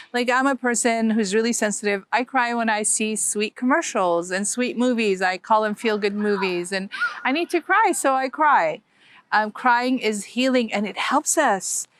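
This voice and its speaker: A woman life coach talking casually to the camera outdoors in a gentle, encouraging way, laughing often. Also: a little high, slight background noise. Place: outdoors, children playing nearby.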